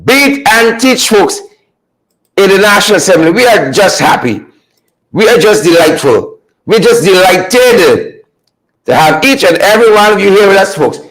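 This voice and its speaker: A man hosting a live stream, greeting viewers by name and repeating his phrases with high energy. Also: lively intonation, normal speed, low-quality recording. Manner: repetitive, hypes viewers with shout-outs.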